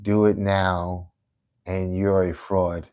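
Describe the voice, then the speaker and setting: A man with a New York accent talking casually on a livestream, preachy and heated, going from low murmurs to loud rants. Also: little pitch movement, slow pace, clear, resonant tone, lo-fi sound. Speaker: livestream host. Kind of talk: casual livestream monologue reading chat.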